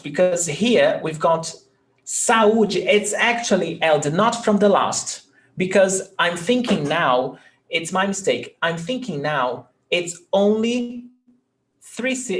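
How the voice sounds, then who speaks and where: A man's voice: high voice, expressive, slow pace, a bit bright. A male Portuguese teacher giving an online lesson, patiently explaining grammar rules step by step and often checking that his student understands.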